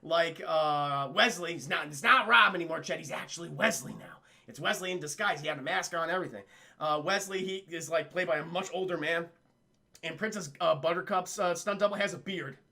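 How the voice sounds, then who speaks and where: A young man streaming a casual film recap, rambling and swearing as he talks to his chat. His voice is bright and gravelly, pitched fairly high. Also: fairly quick.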